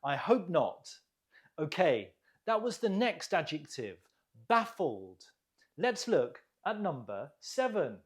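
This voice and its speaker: Patient ESL teacher: slow and deliberate, very expressive melody, clear careful enunciation, encouraging. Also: mid-range voice. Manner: deliberate, clearly enunciated, drills pronunciation with pauses for repeating; encouraging, gently praises learners. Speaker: English teacher. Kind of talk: online vocabulary lesson.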